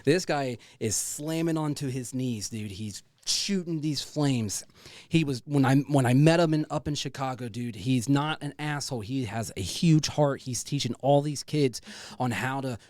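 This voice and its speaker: A podcast host with a mid-range, slightly mellow voice speaks at a moderate pace in a dry, clean studio recording. Interviewing a guest casually, he is loose and effusive, swears freely and keeps saying "dude."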